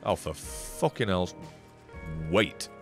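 A young man commentates his own gameplay, swearing freely and jumping between grumbles and excited yelps. His pitch swings widely as he talks. Faint game music plays underneath. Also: takes it slowly. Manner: sweary, excitable, laughs often. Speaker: streamer.

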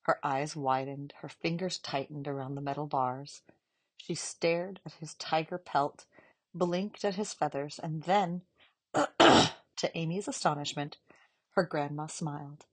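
A woman reading a children's novel aloud in a calm, measured narration. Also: low voice. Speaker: audiobook reader. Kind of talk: storybook narration.

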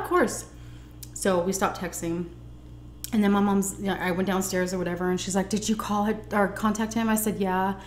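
In this storytelling-while-eating vlog, a young adult American woman speaks at medium pitch, the echoey room adding slight background noise. She chats animatedly through a personal story, acting out the exchanges.

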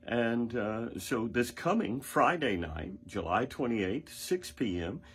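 A man co-hosting a church podcast, thanking the pastor and announcing an upcoming event in a friendly, deliberate way. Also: medium pitch, big pitch swings, slightly rough. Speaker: co-host.

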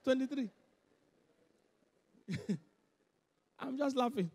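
A man preaching, his voice pitched high for a man. He drives his points home through animated repetition, and his voice rings out with the long reverb of a large church hall. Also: brisk, long pauses. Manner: animated, laughing, emphatic repetition. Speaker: pastor. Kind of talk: sermon.

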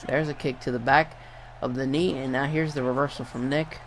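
A young man giving casual play-by-play commentary over a wrestling video game, getting excited and swearing at big moves. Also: medium pitch, brisk, a little hiss or hum. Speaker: gameplay commentator.

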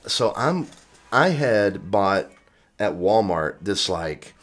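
A young man from Texas co-hosting a podcast, telling stories in casual chat and acting out other people's lines. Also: low-pitched. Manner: laughing storyteller, acts out quoted voices. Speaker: podcast co-host.

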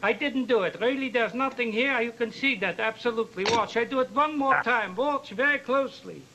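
A magician performing as an old New York conjurer with a heavy Yiddish accent, teasing the audience with singsong patter. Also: male voice, extremely high pitch, brisk, sharp tone, a little hiss or hum, full character voice, low-quality recording. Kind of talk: archival stage magic performance.

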